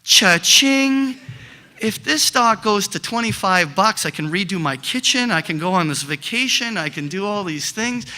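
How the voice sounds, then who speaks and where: A man voicing an eager, anxious retail investor talking to himself, quick and excitable. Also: high voice. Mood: excited. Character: eager, fretful male retail stock investor.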